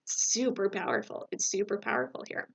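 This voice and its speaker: A woman's voice: medium pitch, big pitch swings, normal speed, vocal fry, husky. A woman teacher talking through a recorded lecture in a conversational way, checking in with "right?" and using fillers.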